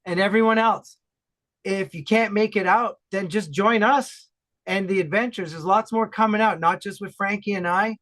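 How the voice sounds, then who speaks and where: A man from Ontario, Canada, talking enthusiastically and loudly as a guest in a casual podcast chat. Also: sits high, normal speed. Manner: enthusiastic, animated, loud talker.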